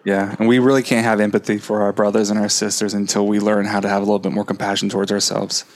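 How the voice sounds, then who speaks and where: Podcast guest, male, low and flat-toned, impassioned and spiritual. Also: fast. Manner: impassioned, spiritual, repetitive emphasis. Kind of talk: casual conversational interview.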